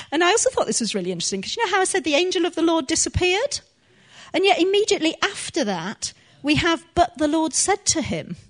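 A woman preaching a sermon to a congregation, teaching earnestly and laughing softly now and then. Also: very high voice, sing-song, a little fast.

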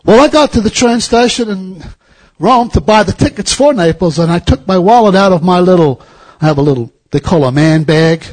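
A man's voice: sits high, lively intonation, a little fast. A middle-aged man preaching a sermon, telling a personal story that builds into fervent exhortation. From United States. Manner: anecdotal, rising to fervent exhortation.

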